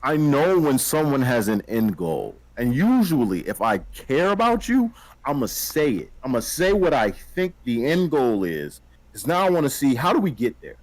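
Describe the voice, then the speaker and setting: A man co-hosting a podcast in casual chat, blunt and animated, laughing often. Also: medium pitch, normal speed, no echo, poor audio. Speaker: podcast co-host.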